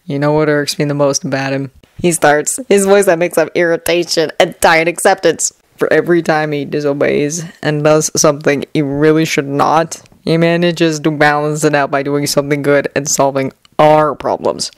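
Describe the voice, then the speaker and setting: A weary male teacher, put on by a woman reading a story aloud, speaking low and quiet in a flat, muttering drone. The recording is dry and close. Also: moderate pace, smooth, dry recording.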